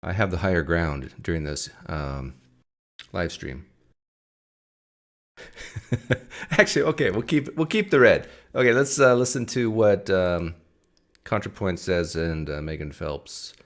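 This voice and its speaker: A man's voice: low-pitched, a little slow, long pauses. A man hosting a live stream, reacting to a clip and firing off rhetorical questions in a casual, argumentative way.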